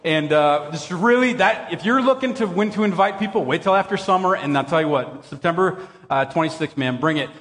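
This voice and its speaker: A middle-aged man preaching a sermon as pastor, conversational and animated, telling jokey stories with bursts of shouting. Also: a little high, brisk, few pauses. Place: church hall. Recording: long hall reverb.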